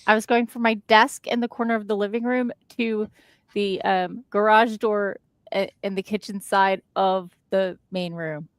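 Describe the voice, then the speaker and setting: A woman's voice: medium pitch, steady tone, normal speed, smooth, dry recording. A woman co-hosting a casual livestream from her desk at home, chatting and reading out viewer comments. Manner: chatty, reads out viewer comments, frequent restarts. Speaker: stream co-host. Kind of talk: casual chat on a co-working livestream. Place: home living room desk.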